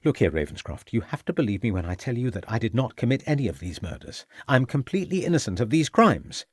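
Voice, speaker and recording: A man's voice: mid-range voice, very animated, fast talker, breathy edge, no room sound, clean studio sound. A man reading an audiobook, voicing a nervous, defensive middle-aged male suspect who protests and evades. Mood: irritated. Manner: agitated, protesting, evasive.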